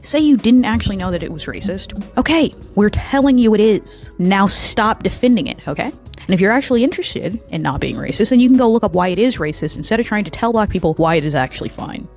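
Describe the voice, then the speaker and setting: A woman delivers a heated vlog commentary in a blunt, profane register at an ordinary middle pitch. She drives her points home by repeating them and sounds openly angry throughout. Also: animated, fast, a little mellow, faint music behind. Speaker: political commentator.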